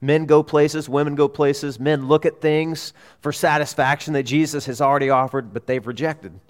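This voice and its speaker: A man preaching a sermon as a pastor, earnest, swelling to emphatic peaks and dropping low. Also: steady tone, normal speed. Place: church sanctuary. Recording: long reverb of a hall.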